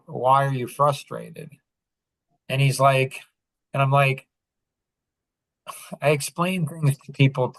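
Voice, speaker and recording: A podcast host chats casually, telling stories with lots of animation and acting out the dialogue he quotes. His voice is bright and medium-pitched, and the recording is dry.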